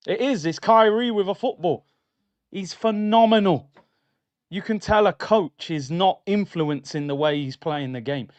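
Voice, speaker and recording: A chatty man hosts a football stream in a slightly raised voice, excitable and slangy as he talks straight to his viewers. His voice sounds smooth and resonant, recorded dry but a little dull and lo-fi. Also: on the high side, no echo. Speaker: football channel host. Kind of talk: casual football talk stream.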